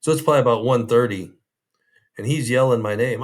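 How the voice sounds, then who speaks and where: A man's voice: mid-range voice, brisk. A man, a former prison guard, telling rambling, easygoing anecdotes in an interview, full of restarts and fillers.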